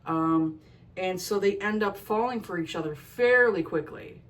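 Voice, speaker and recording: A woman's voice: medium pitch, a little slow, rough recording. Chatty swearing woman reviewing books. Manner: chatty, frank, swears freely, ranting; frequent "like" fillers. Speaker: book reviewer. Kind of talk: casual book review vlog.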